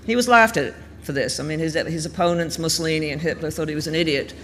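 A man giving a thoughtful, conversational talk on history, explaining events in a measured, storytelling way. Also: fairly high pitch, bright, forceful tone. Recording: reverberant room with faint background noise.

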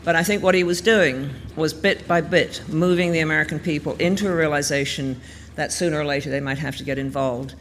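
A man giving a thoughtful, conversational talk on history, explaining events in a measured, storytelling way. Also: a little high, fairly bright tone. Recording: reverberant room with faint background noise.

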